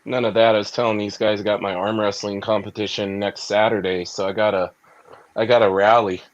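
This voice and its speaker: Man, host, nasal congested voice, low pitch, muffled dry recording. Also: little pitch movement, a little fast, dry recording. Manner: easygoing, laughs at himself. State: congested, nasal from cold medicine. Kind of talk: casual live-stream chat.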